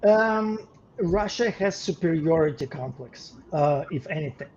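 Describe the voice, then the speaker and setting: Male podcast co-host, earnest and repetitive delivery, mellow tone, lo-fi recording. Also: fairly high pitch, expressive, a little slow. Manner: earnest, repeats words when starting phrases. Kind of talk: casual podcast talk. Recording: dull lo-fi sound with faint noise.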